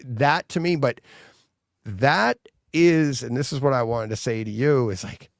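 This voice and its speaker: This podcast co-host is a man with a medium-pitched, slightly creaky voice who talks a little slowly. He laughs a lot while chatting casually and telling lively stories, recorded in studio quality with no room sound.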